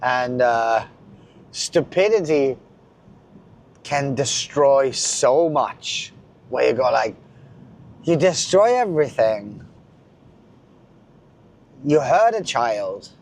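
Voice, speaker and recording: A middle-aged man ranting in a blunt, profane monologue, swinging between loud outbursts and muttering. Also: mid-range voice, lively intonation, very slow, long pauses. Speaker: vlogger.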